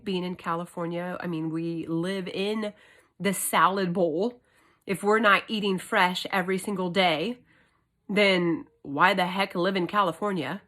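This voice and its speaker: A woman in her thirties, a homeschooling mother, telling a story to her camera at home in an earnest, emphatic, animated way. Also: medium pitch, a little slow. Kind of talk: casual vlog monologue. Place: indoors at home.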